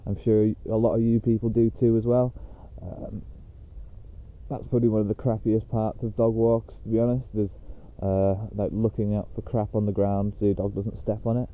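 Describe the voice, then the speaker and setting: Bloke rambling on a dog walk, chatty, lots of ums, sounds thin like a phone. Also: male voice, lowish voice, flat delivery, normal speed, narrow, tinny audio. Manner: rambling and chatty, with many fillers. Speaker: podcast host. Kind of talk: casual solo rambling podcast.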